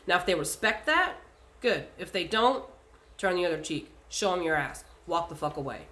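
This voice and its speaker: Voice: mid-range voice, animated, moderate pace, hardly any pauses, bright, forceful tone. A speaker talking casually and bluntly, giving spiritual advice in a vlog, swearing often and using lots of fillers.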